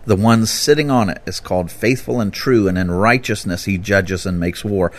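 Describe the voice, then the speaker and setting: A man explaining scripture in a relaxed, conversational way, bursting into loud, lively emphasis when he quotes it. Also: on the low side, normal speed. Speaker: Bible teacher. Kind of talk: conversational teaching talk.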